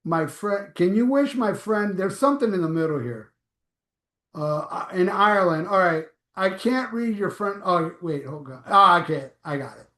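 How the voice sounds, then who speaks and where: A man's voice: high voice, expressive, moderate pace, sharp tone, reverberant. A man hosting a live stream, reading viewer comments aloud in a blunt, offhand, profane way. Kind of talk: casual live chat.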